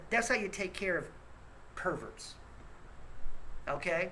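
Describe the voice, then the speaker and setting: A man's voice: high voice, animated, slow pace, sharp tone, slight background noise, rough recording. A man hosting his own rant show, scolding listeners in a blunt, profane and repetitive way. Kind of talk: angry ranting monologue.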